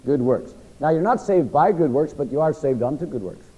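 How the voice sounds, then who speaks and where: A middle-aged man preaching in a Bible class, with a frog in his throat, pausing for the congregation to finish his sentences. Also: fairly high pitch, animated, dark tone, slightly rough. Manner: asks the audience to fill in words. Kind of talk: sermon-style Bible teaching. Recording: lo-fi recording with long hall reverb.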